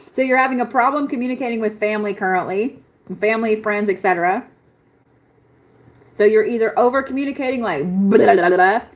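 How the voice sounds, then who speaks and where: Blunt, chatty woman reading astrology. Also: mid-range voice. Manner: blunt, swearing, laughs often. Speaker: astrology reader. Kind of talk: live-stream chart reading.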